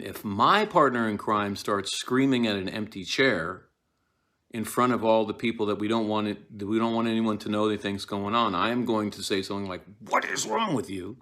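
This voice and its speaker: A man giving a casual, animated lecture on a play, often acting out its lines. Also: fairly low pitch. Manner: conversational, animated, acts out lines.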